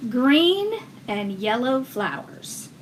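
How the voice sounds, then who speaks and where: A woman walks viewers through a craft project at an easy, unhurried pace, her voice sitting high. She chats along as she works, thanking people for their comments, with a faint hum in the background. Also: very animated. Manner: chatty, reads and thanks viewers' comments while working. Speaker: wreath-making instructor. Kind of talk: casual livestream craft tutorial.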